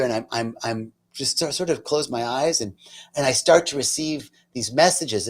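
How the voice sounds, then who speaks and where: A middle-pitched man, hosting a spiritual talk, shares a personal spiritual story with deep, earnest emotion. His voice slides from hushed near-whispers up to loud, fervent lines, and he keeps things casual and chatty, interrupting himself with self-mocking asides.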